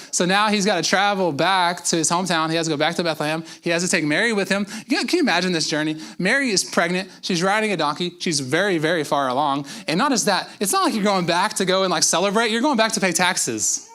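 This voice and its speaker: A man's voice: high voice, normal speed, pushed and bright. A man preaching a conversational sermon as pastor, telling the story casually with jokes and asides.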